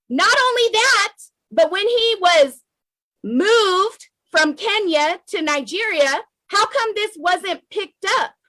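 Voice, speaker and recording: Fiery high-voiced American woman. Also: pushed and bright, no echo, rough recording. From United States. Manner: fiery, emotional, repeats points for emphasis. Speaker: political commentator. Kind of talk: impassioned political monologue to camera.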